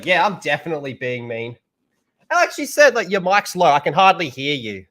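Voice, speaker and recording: High, bright ranting man. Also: very animated, brisk. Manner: profane, blunt ranting. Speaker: streamer commentator. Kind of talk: ranting commentary.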